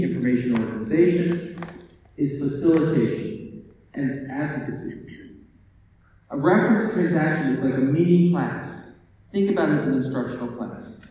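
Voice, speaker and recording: A man giving a conference keynote as a librarian, animated and joking, firing off rhetorical questions. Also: a little high, slight background noise. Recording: echoey hall from far off.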